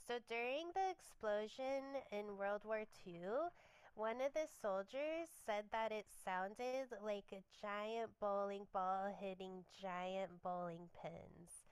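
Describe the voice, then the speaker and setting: A young woman co-hosting a podcast, sharing researched facts in a relaxed, chatty way with lots of fillers. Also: medium pitch, takes it slowly, smooth, no echo. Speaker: podcast co-host. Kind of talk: casual chat.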